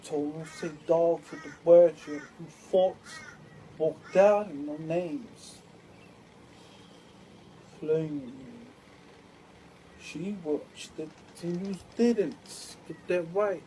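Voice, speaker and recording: A woman's voice: sits low, drawn-out words, long pauses, dark tone, slight background noise, poor audio. A woman talking in a rambling, repetitive monologue full of street slang and chant-like repeats.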